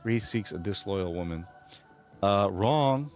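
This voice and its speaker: A man's voice: fairly low pitch, lively intonation, slow pace, darkish tone, faint music behind. A man streaming and chatting casually with his viewers, rambling, swearing, and laughing often. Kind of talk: casual livestream chat.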